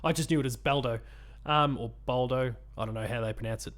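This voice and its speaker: A man's voice: medium pitch, fast, fairly bright tone. A man from Australia co-hosting a casual chat podcast, rambling with many ums and restarts. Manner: rambling, lots of ums and restarts, laughs often. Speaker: podcast co-host.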